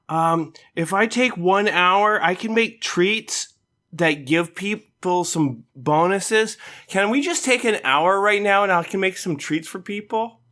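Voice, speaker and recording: A player in a tabletop game, speaking in a halting way. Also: medium pitch, bright, forceful tone.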